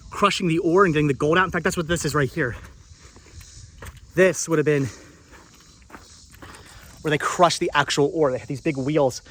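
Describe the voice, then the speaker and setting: A woman travel vlogger narrating casually as she walks, rambling and enthusiastic, often repeating her words. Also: sits low. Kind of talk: casual walking vlog narration.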